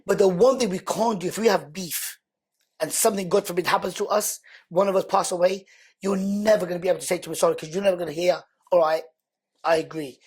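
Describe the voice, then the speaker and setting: A man, a podcast guest telling an emotional personal story in an animated, slangy way, repeating words for emphasis. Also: high voice, fast talker, slightly rough.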